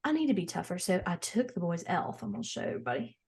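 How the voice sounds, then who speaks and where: A frazzled, gossipy, well-off mom, played by a woman hosting an improvised comedy podcast. She rambles through animated stories and acts out other people's lines. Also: on the low side, fast, slightly rough, heavily acted. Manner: rambling, animated storytelling with acted-out quotes. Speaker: podcast host character.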